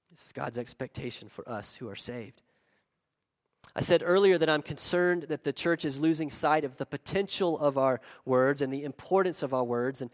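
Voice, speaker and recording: A man with a Southern drawl from South Carolina preaches, his voice sitting a little high for a man. He speaks earnestly, leaning on key words and repeating phrases for weight. A long reverb trails each line through a large hall. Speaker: pastor. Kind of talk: sermon.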